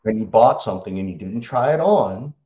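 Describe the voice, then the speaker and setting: A man who works as a sales coach, answering interview questions and acting out what clients say in lively stories. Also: on the low side, a little fast, lo-fi sound. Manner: animated storytelling, acts out client quotes.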